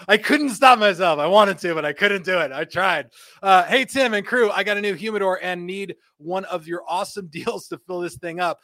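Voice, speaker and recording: A man's voice: high voice, bright, forceful tone, no echo, clean studio sound. A man hosting a live show, chatting casually, joking and laughing as he reads out viewer comments. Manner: upbeat, joking, laughs often. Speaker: host. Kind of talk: live-stream chat, reading viewer comments. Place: home studio.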